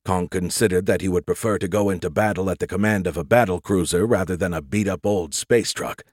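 A man narrating an audiobook in a steady, measured reading. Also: low-pitched, slightly rough, dry recording, studio quality.

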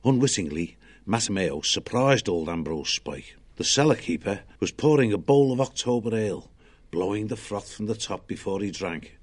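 A man narrating an audiobook in a measured storytelling manner. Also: fairly low pitch, animated.

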